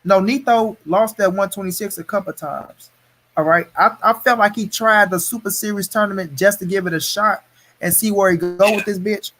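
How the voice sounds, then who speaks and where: A man's voice: high-pitched, steady tone, moderate pace, fairly bright tone. A man hosting a casual boxing live stream, ranting heatedly and cursing a lot. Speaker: host of a boxing talk stream.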